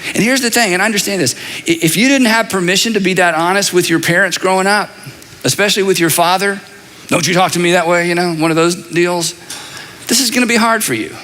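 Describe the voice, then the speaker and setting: Middle-aged man preaching, high and sharp in tone, animated delivery, echoing hall. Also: fast talker. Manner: animated, conversational preaching with repeated phrases and asides. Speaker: pastor. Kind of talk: sermon. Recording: long reverb of a large hall.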